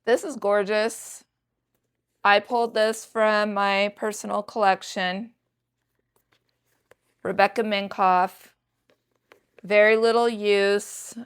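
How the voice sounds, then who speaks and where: A woman in her sixties talks through her thrift finds in a relaxed, unhurried way. Her voice is smooth and clear, and she speaks straight to her viewers with chatty enthusiasm, like a casual home vlog. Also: mid-range voice. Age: 60s. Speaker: thrift reseller vlogger.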